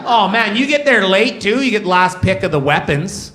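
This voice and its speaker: A man from Canada performing a stand-up comedy set on stage before a live audience, telling stories and breaking into loud shouted bits. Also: a little high, a little fast, hardly any pauses. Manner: animated, jumps into loud shouted character bits.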